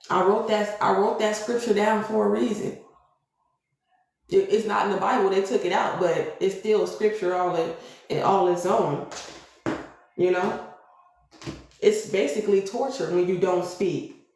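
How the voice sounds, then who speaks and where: A woman's voice: mid-range voice, darkish tone. Emphatic tarot reader woman, echoey room. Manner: preachy, emphatic, repeats "okay?" to the audience. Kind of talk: live-streamed tarot reading.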